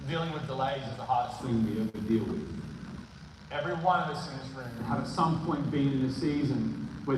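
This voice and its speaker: Animated Australian preacher in an echoey hall. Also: male voice, medium pitch. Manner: animated, acts out quoted voices. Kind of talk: sermon storytelling. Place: large church hall. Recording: echoey church hall, distant mic, background noise.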